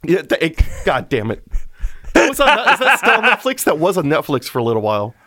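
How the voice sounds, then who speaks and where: A man's voice: a little high, fast talker, no room sound, studio quality. A man co-hosting a podcast, chatting casually and telling stories with lots of laughter. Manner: animated, laughing storyteller. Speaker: podcast co-host. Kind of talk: casual chat.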